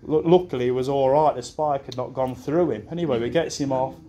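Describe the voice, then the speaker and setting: At a wedding reception, a young man's best man speech meanders through anecdotes as he laughs at his own stories and swears now and then. His medium-pitched voice is warm and a little fast.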